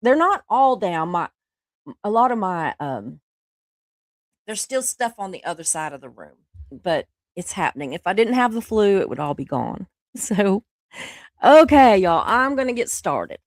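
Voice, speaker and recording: A woman's voice: mid-range voice, very animated, measured pace, no room sound. Middle-aged woman, flu-sick livestream host, chatty and rambling, mid-range voice, dry sound. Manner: rambling, chatty, laughs often, reads chat aloud. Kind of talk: casual chat with live viewers.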